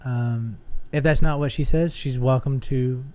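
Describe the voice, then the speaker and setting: A man's voice: mid-range voice, fairly even intonation, measured pace, a little mellow. An earnest man co-hosting a casual discussion podcast, steering the talk with questions. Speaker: podcast co-host.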